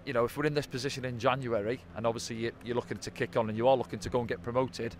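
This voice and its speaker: A football pundit gives a casual post-match analysis at a quick clip, keeping a steady tone and a mid-range pitch while dropping in conversational tag questions such as "didn't they?". Faint traffic hums behind him outdoors.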